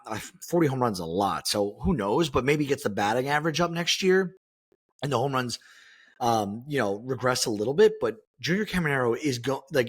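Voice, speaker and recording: Here the male podcast co-host sounds husky and fairly bright, his voice sitting in the mid range. He rambles through casual sports talk, restarting sentences and leaning on fillers.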